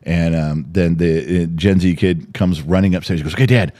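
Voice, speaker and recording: A middle-aged man co-hosting a podcast at home, animated and swearing freely as he tells family stories. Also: low-pitched, normal speed. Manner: animated, swears freely, acts out quotes loudly. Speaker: podcast co-host. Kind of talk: casual chat.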